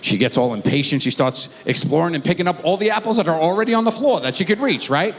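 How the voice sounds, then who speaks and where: A middle-aged man telling a stand-up comedy story on stage, acting out his kids in high squeaky voices. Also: lively intonation, quick pace. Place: theater stage before a live audience. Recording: stage mic in a large reverberant hall.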